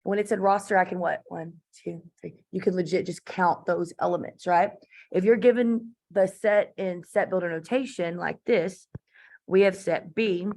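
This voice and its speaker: Delivering a classroom lecture, this woman teaches math in a chatty, informal style with lots of asides and fillers. Her voice is fairly low and a little mellow.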